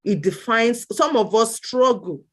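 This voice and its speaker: A woman's voice: on the high side, lively intonation, unhurried. A woman co-hosting an online discussion who speaks earnestly and urges the listeners to act. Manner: earnest, urging, with many listening hums. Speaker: co-host.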